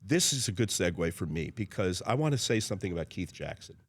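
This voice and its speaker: Animated man in his sixties telling stories. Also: low-pitched, fast talker. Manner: animated storyteller who slips into impressions. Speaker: guest, impressionist and former sports interviewer. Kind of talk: casual studio radio chat.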